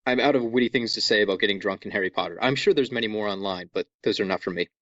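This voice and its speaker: A man hosting a podcast in a casual, jokey way, walking listeners through things with lively asides. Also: on the low side, racing, dry recording, lo-fi sound. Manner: jokey, animated, over-explaining. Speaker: podcast host.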